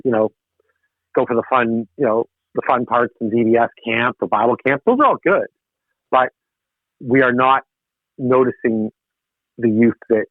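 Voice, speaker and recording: A middle-aged man from Canada, a guest on a podcast interview, talking in a rambling, animated way with many restarts. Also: mid-range voice, no echo. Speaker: guest, political missionary. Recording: tinny phone line, dry.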